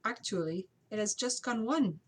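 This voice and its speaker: A woman's voice: mid-range voice, lively intonation, normal speed, slightly rough, pitched above the performer's own voice. A woman voicing a kindly young lady's maid. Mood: reassuring. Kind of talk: amateur audiobook character voice.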